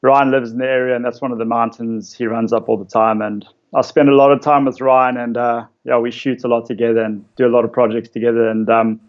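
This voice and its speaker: A man, a photographer casually telling stories about his shoots in a relaxed way, with lots of fillers. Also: medium pitch, brisk, few pauses, lo-fi sound. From South Africa. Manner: relaxed storytelling with many fillers. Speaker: interviewed photographer. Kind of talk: casual conversation.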